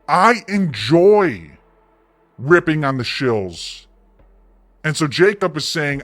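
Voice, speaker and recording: A man's voice: on the high side, fairly bright tone. A man hosting his own online commentary, taunting and mocking in a sarcastic tone.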